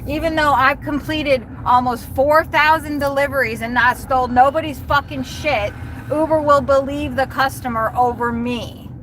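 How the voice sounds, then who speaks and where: A woman's voice: high-pitched, fairly even intonation, normal speed, fairly bright tone, slight background noise, poor audio. A woman delivery driver ranting angrily on a livestream from her car, swearing constantly. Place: inside a car while driving.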